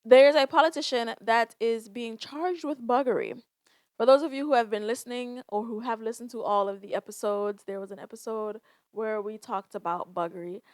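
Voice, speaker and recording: A woman's voice: a little high, moderate pace, no echo, clean studio sound. Sighing woman podcasting. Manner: emotional, sighing, swearing, candid. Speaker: podcast host. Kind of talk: casual solo podcast talk.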